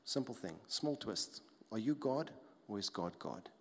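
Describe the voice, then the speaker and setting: A man preaching a sermon as a pastor, emphatic, repeating key phrases and dropping soft to stress them. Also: on the low side, lively intonation, unhurried. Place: church hall. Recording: long hall reverb.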